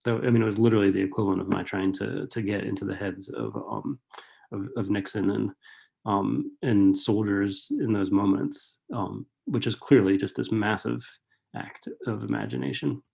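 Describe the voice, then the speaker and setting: Middle-aged man, low and gravelly; quick, restless speaker full of restarts, author talk. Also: darkish tone. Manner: fast, digressive, many restarts and fillers. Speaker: author and writing professor.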